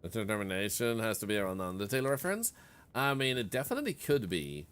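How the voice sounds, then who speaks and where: A man's voice: on the low side, sing-song, quick pace, a bit bright, clean tone. A man streaming a video game in casual commentary, chatting and reading the game's text aloud as he plays. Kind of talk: casual let's-play commentary.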